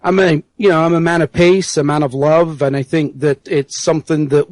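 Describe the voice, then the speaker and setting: Man, mixed Yorkshire and American accent, fairly high voice, earnest, halting, dry sound. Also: fairly even intonation, a little mellow, no echo, poor audio. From England. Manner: earnest, halting, many fillers. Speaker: guest. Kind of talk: casual interview.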